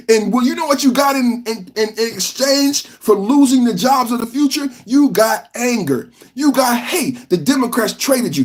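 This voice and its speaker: A podcast host from California, giving live reaction commentary in an emphatic, repetitive rant. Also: male voice, extremely high pitch, lively intonation, measured pace, hardly any pauses.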